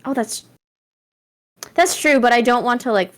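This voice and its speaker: A woman playing a tabletop game, talking casually and hesitantly with frequent laughs. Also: on the high side. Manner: slow, hesitant, laughing often. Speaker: player.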